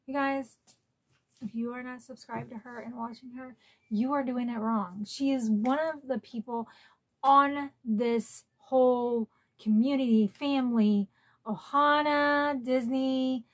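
A woman talks through a casual unboxing vlog at home in a slightly raised pitch. She is chatty and openly emotional, sometimes close to tears. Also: fairly even intonation, unhurried. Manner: chatty and emotional, tearful at times. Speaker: collector channel host.

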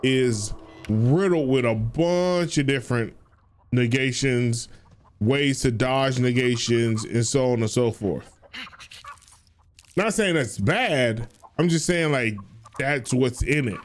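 While streaming a game, a man chats in a loose, profane, rambling way, restarting himself often. His mid-range voice is slow, and there's slight background noise in this casual livestream commentary.

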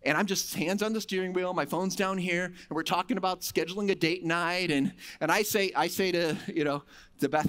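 A middle-aged man speaking at a faith conference, telling stories with big swings from loud to hushed. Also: high-pitched, a little fast. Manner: animated storytelling with big swings in loudness. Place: conference hall.

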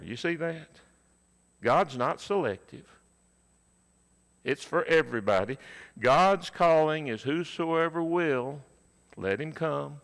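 A man's voice: medium pitch, expressive, takes it slowly, vocal fry, a bit bright. A man preaching a sermon in a church, leaning hard on repeated key words for emphasis.

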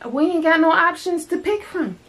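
A young woman chatting casually at home during an eating video, loud and teasing. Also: very high-pitched, moderate pace. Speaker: mukbang co-host. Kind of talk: casual chat. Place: home, indoors. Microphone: phone camera.

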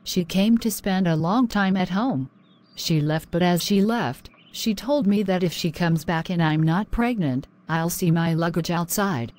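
A woman voicing a young married wife in an animated drama, pleading and worn down. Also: on the low side, a little slow, close to an everyday voice.

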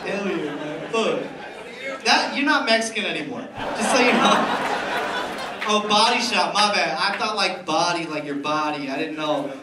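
A man's voice: high-pitched, lively intonation, moderate pace, distant mic. A man doing stand-up, teasing the audience with loose banter on a comedy club stage. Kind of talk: stand-up crowd work. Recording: roomy live club sound, crowd noise.

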